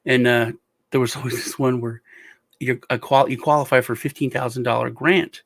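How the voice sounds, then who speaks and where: A man co-hosting a casual chat show, telling stories deadpan and acting out the people he talks about. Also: mid-range voice, fairly quick, gravelly, no echo. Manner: deadpan storytelling, acts out callers' voices. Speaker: podcast co-host.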